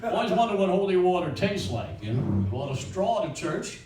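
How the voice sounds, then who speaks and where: Older male comic, crude rambling one-liners, slightly high voice, caught on a distant mic in a roomy space. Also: big pitch swings, moderate pace, a crowd in the background. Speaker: stand-up comedian. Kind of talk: stand-up comedy at an open mic. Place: small bakery venue with few people. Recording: roomy echo from a distant mic, faint ambience.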